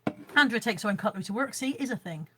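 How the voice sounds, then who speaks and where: A woman's voice: a little high, animated, very fast, pushed and bright, a little hiss or hum. Chatty Bristolian woman on a livestream. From Bristol, England. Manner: chatty, self-mocking, reads viewer comments aloud. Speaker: livestream host selling boot sale finds. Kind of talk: casual livestream chat. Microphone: phone camera.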